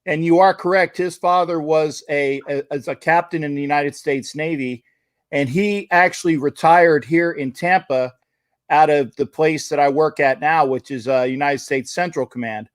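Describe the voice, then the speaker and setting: A man hosting a casual interview, telling a story in an animated way over a video call. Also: fairly high pitch, normal speed, no room sound, studio quality. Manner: animated storyteller, acts out quotes excitedly. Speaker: podcast host.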